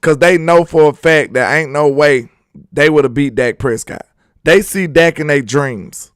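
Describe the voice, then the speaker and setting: A young man hosting a sports live stream, reading chat and loudly teasing viewers with laughter. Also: a little high, measured pace, smooth, no room sound, studio quality. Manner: loud trash talk, laughing and teasing viewers. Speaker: sports channel host.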